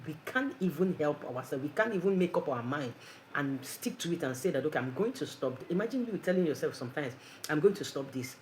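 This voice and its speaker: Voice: mid-range voice, darkish tone, slight background noise, low-quality recording. An earnest preacher gives a conversational devotional talk full of rhetorical questions.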